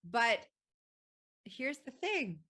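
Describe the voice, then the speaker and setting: A woman hosting a podcast, telling a personal story in an animated way, laughing often and swearing freely. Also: on the high side, extremely slow. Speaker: podcast host.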